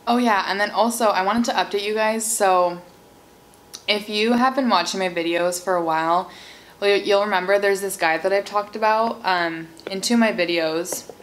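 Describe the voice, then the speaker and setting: A woman's voice: medium pitch, normal speed, rough recording. A young woman from Seattle in her twenties, chatting casually and bubbly on her channel while eating cake, with lots of "like" and "um". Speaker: mukbang vlogger.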